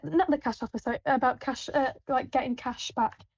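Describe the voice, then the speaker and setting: A woman's voice: high voice, fairly quick, slightly rough, no room sound. A woman working on supermarket tills, chatting casually with a rambling manner full of fillers and restarts. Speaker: supermarket till worker. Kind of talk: casual anecdotal chat. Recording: dull, lo-fi, dry.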